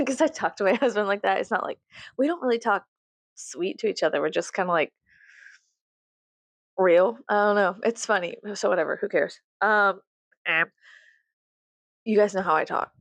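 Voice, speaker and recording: A woman's voice: mid-range voice, creaky, no room sound. A woman with a Southern US accent, rambling casually to her viewers in a profane, self-mocking way and laughing often. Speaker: YouTuber.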